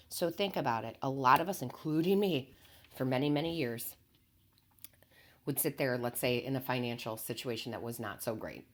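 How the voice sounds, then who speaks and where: Very low-voiced calm spiritual woman. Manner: calm, earnest, not hyped up, repeats key phrases. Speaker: tarot reader and medium. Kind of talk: spiritual motivational talk to camera.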